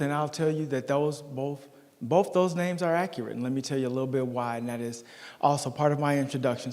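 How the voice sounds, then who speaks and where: A middle-aged man delivers a campaign speech at a community forum, leaning hard on his storytelling and calling out to the crowd. His voice sits a little high. Long reverb from the meeting hall trails every phrase. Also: a little mellow. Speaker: school board candidate.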